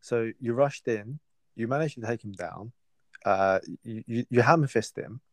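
A man's voice: medium pitch, normal speed, no echo. A man hosting a casual podcast chat, recapping points and asking questions. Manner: asks questions and recaps for listeners. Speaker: podcast host.

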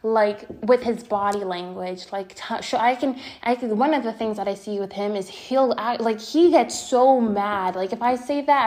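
A woman's voice: on the high side, moderate pace, hardly any pauses, a little mellow. Exasperated young woman venting to viewers. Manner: venting, exasperated, lots of filler words and swearing. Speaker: storytime vlogger. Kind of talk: casual storytelling to viewers.

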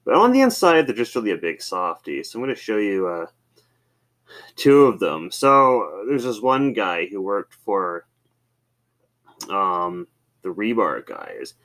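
Podcast guy rambling through work stories, low voice, pitch all over the place. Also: measured pace. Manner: rambling, with many fillers and animated swings. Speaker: podcast host. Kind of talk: casual storytelling.

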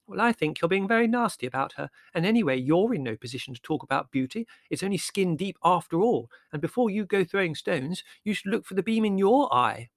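A man voicing a sweet-natured, easily indignant young woman in an audiobook, with a high, drawn-out, gushing delivery. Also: expressive, no room sound, studio quality.

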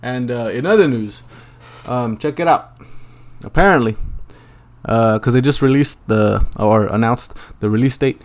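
A man's voice: mid-range voice, measured pace. A young man hosting a solo podcast, rambling casually and swearing a lot in a laid-back way. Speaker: podcast host. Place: Los Angeles, at home.

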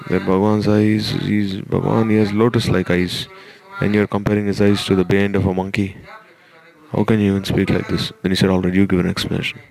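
A man recounts a devotional tale in a slow, halting manner, often restarting his sentences. His voice sits low with a gravelly edge, and he talks with little rise and fall. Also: little pitch movement, a little mellow. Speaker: storyteller. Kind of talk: devotional story talk.

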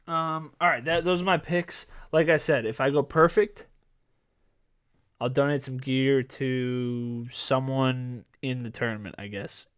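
A man in his twenties hosting a sports podcast in casual chat, rambling with lots of fillers and restarts, his voice going a bit hoarse. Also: medium pitch, fairly even intonation, a little slow. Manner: rambling, filler-heavy, self-correcting. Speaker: podcast host.

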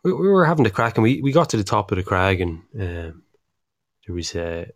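A lowish Irish male voice in relaxed podcast chat, wandering through anecdotes with fillers and casual swearing. The sound is close and dry with no room at all. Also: brisk, no room sound. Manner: rambling storyteller, swears freely, many fillers. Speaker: podcast co-host.

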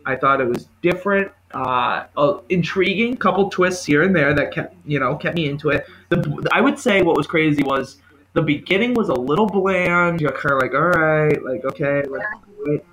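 A man co-hosting a podcast, chatting casually about movies and acting out his own reactions in an animated way. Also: fairly high pitch, normal speed, rough recording. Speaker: podcast co-host. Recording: home podcast recording.

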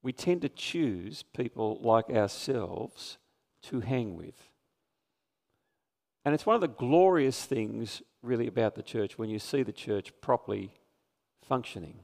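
A man's voice: medium pitch, lively intonation, measured pace, vocal fry, a little mellow. Man preaching in a reverberant church. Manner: earnest, conversational, asks the congregation questions. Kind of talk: sermon. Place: church sanctuary. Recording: live church stream with long reverb.

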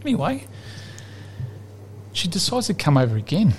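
A man's voice: on the high side, normal speed, slight background noise. A man, a podcast host telling a long rambling joke in casual chat. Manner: rambling, lively, laughs at his own joke.

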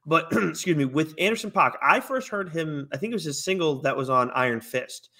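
A man co-hosting a podcast in casual chat, relaxed and swearing freely. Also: a little high, a little fast. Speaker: podcast co-host.

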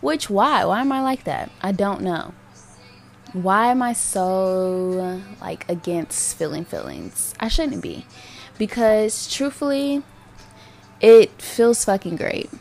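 Speaking slowly in a creaky, mid-range voice, this young podcast host rambles through a candid solo episode, full of filler words and profanity.

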